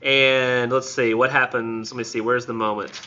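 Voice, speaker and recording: A man's voice: mid-range voice, little pitch movement, normal speed, bright, forceful tone. A male literature instructor retelling a story in a casual classroom lecture, full of "like" and "um", on a dull lo-fi recording. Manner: informal, retells the story with many fillers like "like" and "um".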